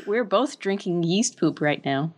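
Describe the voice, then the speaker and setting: A woman's voice: lowish voice, animated, unhurried. A woman co-hosting a podcast, trading wry, giggly quips in casual banter. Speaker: podcast co-host.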